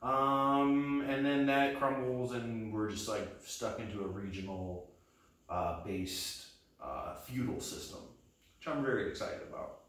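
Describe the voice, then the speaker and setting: Meandering self-deprecating comedian, echoey room. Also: male voice, medium pitch, steady tone, measured pace, fairly bright tone, recorded from a distance. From Texas. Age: 30s. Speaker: stand-up comedian. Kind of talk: rambling stand-up practice set.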